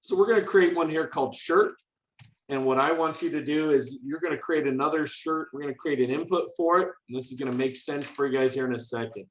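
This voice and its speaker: A man's voice: a little high, fairly quick, echoey room, low-quality recording. A man leading a hands-on coding workshop for teachers, chatting casually and upbeat with many fillers and restarts.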